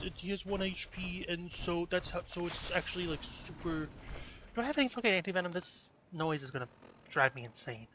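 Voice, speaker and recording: Swearing man muttering over gameplay. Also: fairly high pitch. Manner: profane, rambling, muttering to himself. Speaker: let's play host. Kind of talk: casual gameplay commentary. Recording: noisy gameplay recording.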